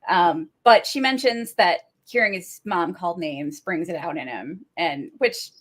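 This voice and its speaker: A woman's voice: fairly low pitch, measured pace. A woman co-hosting a podcast, retelling TV scenes in detail with frequent laughs and a few stumbles. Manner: narrates plot in detail, laughs often, hesitant restarts. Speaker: podcast co-host. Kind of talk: casual TV recap chat.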